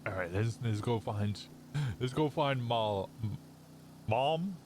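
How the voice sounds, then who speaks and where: A British man streams a roleplay game, chatting casually in character with a fairly low, unhurried, slightly mellow voice. He laughs easily and often trails off and restarts, with slight background noise.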